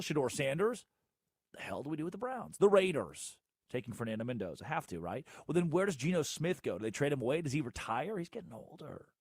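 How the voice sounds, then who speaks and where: A man hosting a solo sports talk show, ranting sarcastically and swinging between loud outbursts and low mutters. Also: dry recording, clean studio sound. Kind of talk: solo sports radio rant.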